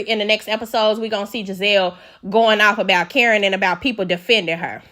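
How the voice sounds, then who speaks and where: A woman's voice: mid-range voice, a bit bright. A woman giving a blunt, opinionated and sassy recap of a reality TV show in casual slang.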